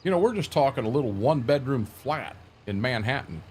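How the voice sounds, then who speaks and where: A man's voice: mid-range voice, animated, fairly quick, a little mellow, a little hiss or hum. An older man hosting a live stream, chatting casually in a plainspoken, rambling way and repeating words as he thinks. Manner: plainspoken, folksy.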